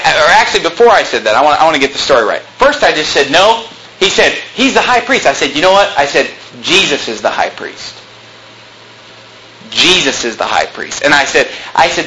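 A man's voice: fairly high pitch, sharp tone, slight background noise, rough recording. A man preaching a sermon as a pastor, telling stories animatedly, acting out dialogue and dropping sarcastic asides.

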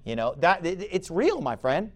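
High-voiced, animated man preaching a sermon. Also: moderate pace. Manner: emphatic, conversational preaching with sudden loud bursts. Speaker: pastor.

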